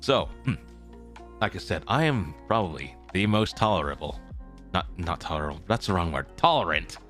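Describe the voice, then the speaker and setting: A man's voice: sits low, lively intonation, moderate pace, a bit bright, faint music behind. A young man chatting casually to his live-stream viewers as a traveling merchant character, rambling and repeating himself as he corrects his words.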